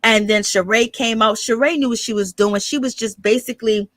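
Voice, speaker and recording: A woman's voice: on the high side, steady tone, fairly quick, fairly bright tone, no room sound. A woman hosting her channel, giving rambling, blunt and profane live gossip commentary. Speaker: channel host.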